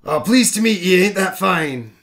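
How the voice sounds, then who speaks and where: A hearty, fatherly dwarf baker voiced by a man speaks in a thick, pirate-like brogue with folksy "ye"s and "me"s. The voice sits higher than a man's usual tone and comes out loud and cheerful, like a tabletop storybook character. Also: very animated, fast. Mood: hearty welcome. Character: jolly male dwarf baker, burly, fatherly.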